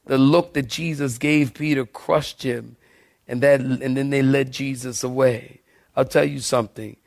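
A man preaching a sermon as pastor, animated and joking, calling out to the congregation. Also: mid-range voice, unhurried, creaky.

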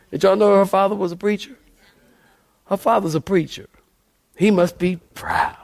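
Male preacher, fairly high voice, fired up, drops low then climbs back up. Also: moderate pace, gravelly, pauses often. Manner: animated preaching with shifts in volume and pace. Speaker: pastor. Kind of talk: lively sermon.

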